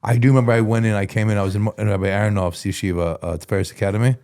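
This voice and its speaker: A man's voice: on the low side, steady tone, racing, a little mellow. A man in his forties, a guest recounting his past in a casual, candid way, with slang and frequent restarts. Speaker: guest in recovery. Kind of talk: casual conversational storytelling.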